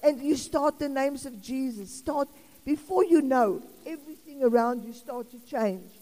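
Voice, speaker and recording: A woman's voice: sits high, moderate pace, mellow. A South African woman in her sixties preaching an informal sermon in a chatty, rambling way with laughing asides. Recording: long reverb of a hall.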